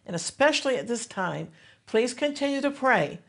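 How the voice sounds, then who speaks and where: A woman's voice: on the high side, expressive, normal speed. Earnest woman ministry host exhorting viewers. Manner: earnest, exhorting, with emphatic rises. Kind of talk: devotional teaching to camera.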